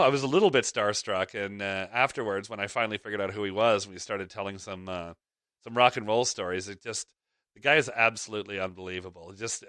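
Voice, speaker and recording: A man's voice: fairly low pitch, pushed and bright, no echo, clean studio sound. A middle-aged man hosting a podcast, telling a casual story in a rambling, chatty way with lots of fillers and restarts. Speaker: podcast host.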